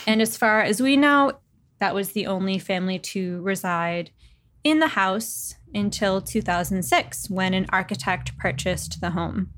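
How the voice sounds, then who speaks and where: A woman's voice: mid-range voice, expressive, measured pace, fairly bright tone. Chatty laughing young woman podcast host. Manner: laughs often, chatty and playful. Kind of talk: casual chat and storytelling.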